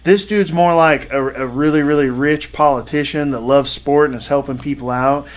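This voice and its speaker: Rambling, slightly high-voiced man. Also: fairly even intonation, normal speed. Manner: rambling storytelling with many fillers. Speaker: podcast co-host. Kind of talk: casual podcast chat.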